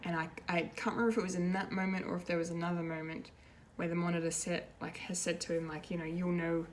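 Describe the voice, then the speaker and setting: A woman reviewing a TV episode in a casual, rambling way, excitable and full of fillers and restarts. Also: fairly low pitch, fast talker, slight background noise. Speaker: pop culture reviewer, show regular.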